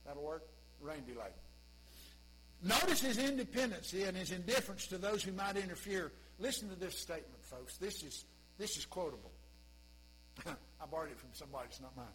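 A man's voice: high voice, fairly bright tone, slight background noise, low-quality recording. A male pastor preaching a sermon in a folksy, conversational way with humorous asides.

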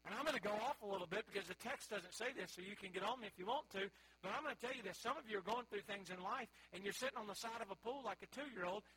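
A man's voice: high-pitched, pushed and bright, husky, poor audio. A man, preaching a sermon in a folksy storytelling way and calling out to the congregation. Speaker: pastor.

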